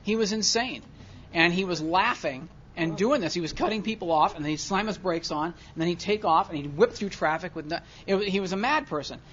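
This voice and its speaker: A man speaking at a recovery meeting, telling a self-mocking story to an audience and swinging from quiet asides to loud comic rants. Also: high-pitched, fairly quick. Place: large convention hall with audience. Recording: dull lo-fi live hall recording, faint crowd.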